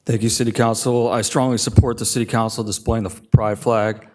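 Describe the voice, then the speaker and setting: Man with a low, flat voice. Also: fairly quick. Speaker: public commenter. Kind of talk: prepared public comment.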